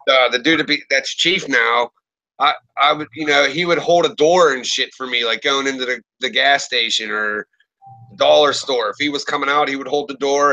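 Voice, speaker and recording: Bright, profane storytelling man. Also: mid-range voice, normal speed, no room sound, lo-fi sound. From Pittsburgh area, US. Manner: profane, animated storyteller acting out quotes. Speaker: podcast host. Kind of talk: casual storytelling chat.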